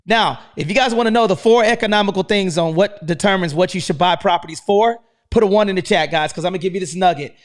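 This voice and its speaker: Hyped-up American man hosting, high voice. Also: fast. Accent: American English. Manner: hyped, loud, keeps saying "man". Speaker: host. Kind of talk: high-energy live online room hosting.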